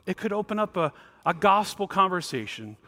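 Male pastor preaching: slightly high voice, emphatic punches, then soft low asides. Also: very animated, normal speed. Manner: emphatic, swings between loud stresses and quiet low asides. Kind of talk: sermon.

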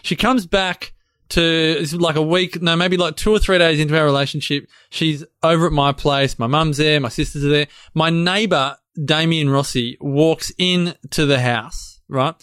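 An Australian man tells a story with energy, his voice a bit higher than most. The sound is dry and close, with no room around it. He jumps into squeaky voices to act out the people in his tale. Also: moderate pace, clear, resonant tone, no room sound. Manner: animated, acts out quotes in high voices. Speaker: podcast co-host. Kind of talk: casual storytelling chat.

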